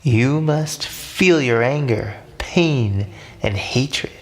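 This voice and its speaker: A man voicing a giant female octopus in a storybook, stern but caring, speaking slowly and firmly. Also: mid-range voice, expressive, pitched above the performer's own voice. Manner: firm, slow and instructive.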